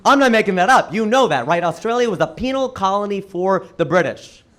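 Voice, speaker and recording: A man performing stand-up on a comedy stage, his voice sitting a touch high and swinging widely in pitch. He tells stories with punchy asides thrown straight at the crowd. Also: expressive, fairly quick, fairly bright tone. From United States.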